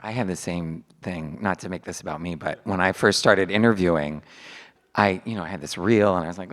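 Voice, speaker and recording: A man interviewing a guest before a live audience, playful and joking, with quick asides. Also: low-pitched.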